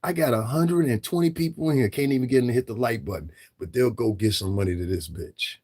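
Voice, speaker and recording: A man's voice: mid-range voice, fast, a little mellow, slightly rough. A middle-aged man hosting a livestream, ranting in a profane, confrontational way and repeating himself for emphasis. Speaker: livestream commentator. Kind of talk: livestream rant.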